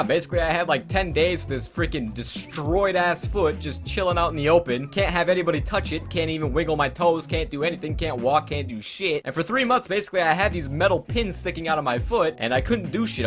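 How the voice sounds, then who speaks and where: A young man telling a casual, profane storytime tale for his channel. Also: a little high. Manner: profane, fast, excitable storytelling.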